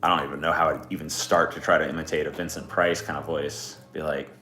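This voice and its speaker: A man's voice: extremely low pitch, level tone, fast talker, pushed and bright. A man hosting a casual livestream, laid-back and swearing often as he answers chat requests. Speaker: livestream host. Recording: echoey room with music behind.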